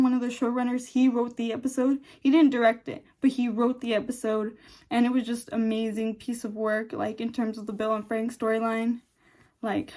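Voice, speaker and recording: A woman's voice: a little high, a little mellow. A young woman vlogger chatting casually and emotionally about a TV episode, rambling with many fillers and restarts, close to tears. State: on the verge of tears. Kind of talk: casual chat.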